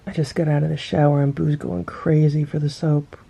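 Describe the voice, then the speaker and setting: A woman's voice: low-pitched, level tone, brisk, creaky, dark tone, husky. A woman narrating a casual home vlog, chatting about her cats and talking to them as she films. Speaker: cat rescuer vlogger.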